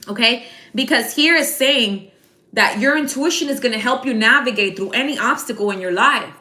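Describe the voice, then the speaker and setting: A woman's voice: a little high, moderate pace, sharp tone. A woman giving a casual live tarot reading, chatty and slangy, speaking straight to her viewers by name. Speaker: tarot card reader. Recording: echoey room.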